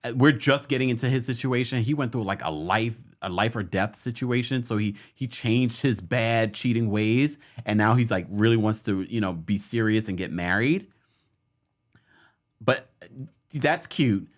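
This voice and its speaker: A man's voice: on the low side, moderate pace. A man hosting a casual online talk show, chatting and laughing often as he gives his opinions. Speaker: host. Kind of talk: casual chat.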